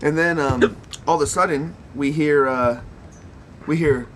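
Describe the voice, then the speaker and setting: A man's voice: mid-range voice, moderate pace, a bit bright, slight background noise. A man hosting a casual podcast, telling a rambling, profane story and laughing often. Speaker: podcast host.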